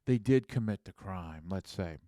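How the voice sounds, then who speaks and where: Man, podcast host, casual explaining, rhetorical asides, smooth clear voice, dry close sound. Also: low voice, lively intonation, moderate pace, dark tone, no echo. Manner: conversational, rhetorical "right?" asides.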